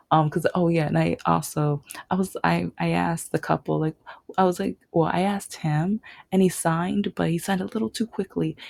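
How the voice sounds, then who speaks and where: A woman's voice: sits low, gravelly, a little mellow, dry recording. A young woman telling a personal story, rambling with restarts and dropping to a whisper at tender moments. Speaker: vlogger.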